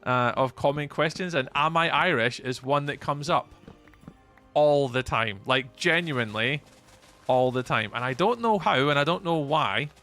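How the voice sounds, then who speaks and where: Gravelly Scottish streamer chatting. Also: male voice, on the high side, lively intonation, moderate pace, hardly any pauses, pushed and bright, soft background music. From Scotland. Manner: chatty, rambling, greets chat by name. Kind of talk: live gameplay commentary.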